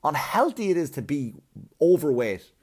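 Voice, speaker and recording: A man's voice: on the high side, big pitch swings, normal speed, darkish tone. A man on a blunt, profane comic rant, arguing and mocking as he goes. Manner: blunt, swearing, argumentative, mocking.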